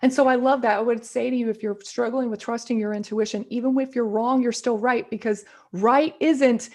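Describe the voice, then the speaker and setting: A woman's voice: on the high side, steady tone, brisk, darkish tone. A woman guest in a casual interview, talking in an earnest, reflective way and often repeating words as she thinks.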